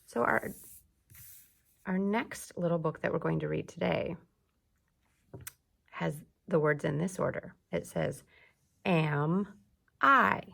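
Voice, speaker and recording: Woman teacher, early reading lesson, slow drawn-out words, gravelly, a little low.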